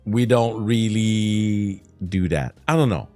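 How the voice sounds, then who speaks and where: A man's voice: lowish voice, takes it slowly, darkish tone, no echo, faint music behind. A man from Quebec whose first language is French, with a Quebec French accent, chatting casually on a livestream in a whiny, ranting way, laughing often and swearing. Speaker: streamer.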